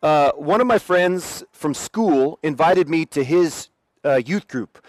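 Young man, personal testimony, animated and self-mocking, higher pitch, dry recording. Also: slow pace, dry recording. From Oregon, USA. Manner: lively, self-deprecating, acts out quotes. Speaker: speaker sharing his faith testimony.

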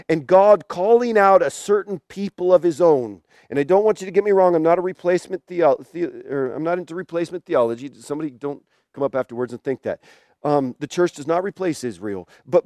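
Man, preacher, high voice, halting sermon storytelling, dry close sound. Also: darkish tone, dry recording. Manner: halting, storytelling with many restarts.

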